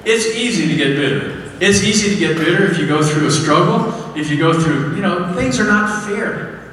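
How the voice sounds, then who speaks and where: A male pastor giving a sermon, telling candid stories with self-deprecating laughs and climbing high and loud for emphasis. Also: animated, normal speed. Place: church sanctuary. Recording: echoey hall, voice from far off.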